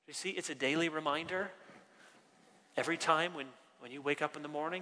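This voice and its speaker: Bright animated preacher in a reverberant hall. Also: male voice, a little high. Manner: animated preaching, wry asides, slows for emphasis. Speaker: pastor. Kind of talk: sermon.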